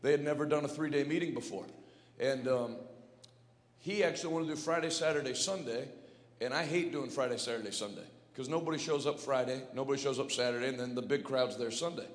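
A man's voice: mid-range voice, fairly even intonation, a little fast. Fervent male evangelist in echoey hall. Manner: fervent prayer then conversational joking storytelling. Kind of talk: sermon with prayer and storytelling. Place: large church hall.

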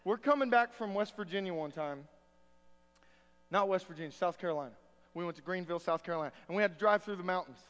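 A man's voice: high-pitched, fast, a bit bright, smooth, in a large hall. A man preaching a sermon as pastor, a folksy storyteller who jokes with his church.

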